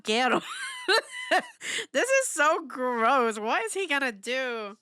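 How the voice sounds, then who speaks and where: A woman hosting a reaction video in casual commentary, animated and exclamatory, laughing often and asking lots of questions. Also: high voice, slow, clean tone, dry recording, studio quality. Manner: asks rhetorical questions.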